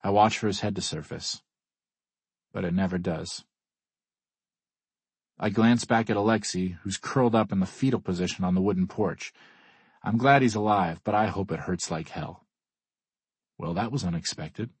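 A man's voice: low voice, moderate pace, long pauses, slightly rough, dry recording. A man reading a first-person audiobook in a wry, dry way. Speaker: audiobook narrator. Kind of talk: scripted first-person narration.

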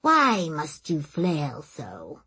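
A woman voicing an ancient, grumpy male crocodile god in an audiobook, speaking slowly and wearily, complaining. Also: sits low, huge pitch swings, pushed and bright, slightly rough, pitched below the performer's own voice, heavily acted. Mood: grumbling. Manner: slow, weary and complaining. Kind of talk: audiobook narration.

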